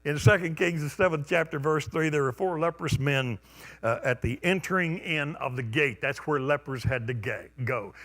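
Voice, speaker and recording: Bright-voiced preacher with stammering restarts. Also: male voice, on the high side. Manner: conversational preaching, stammering restarts, shouted call-outs. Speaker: pastor. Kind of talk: sermon. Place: church sanctuary.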